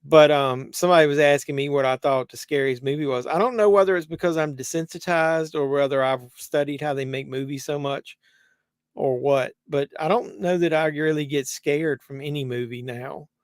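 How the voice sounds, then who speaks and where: A man's voice: fairly high pitch, fairly even intonation, moderate pace, clean tone, no echo, clean studio sound. A man hosting a live movie watch-along, rambling conversationally with many fillers and restarts. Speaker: host.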